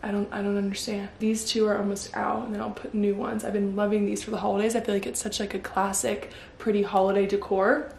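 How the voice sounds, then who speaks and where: A young woman in her twenties chatting casually to camera at home in a vlog, excitable and full of fillers. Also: medium pitch, quick pace, vocal fry, few pauses, roomy sound, slight background noise. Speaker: vlogger. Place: home living room.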